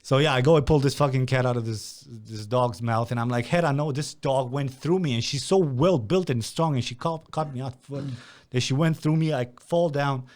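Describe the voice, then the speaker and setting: A young man from Romania hosting a podcast, telling a story in a casual, animated way and swearing freely. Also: mid-range voice, normal speed. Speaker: podcast host.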